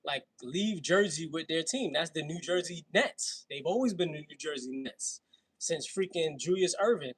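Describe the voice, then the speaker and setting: Man, Brooklyn, New York accent, husky voice, chatty and slangy, workout livestream host. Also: on the high side, normal speed, rough recording. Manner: slangy, laughing, chatty between sets. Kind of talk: casual livestream chat while working out.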